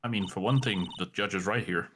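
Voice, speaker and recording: Dry-joking man with a low voice. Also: a little fast, background noise. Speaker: game dub player. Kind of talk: casual banter over a game playthrough.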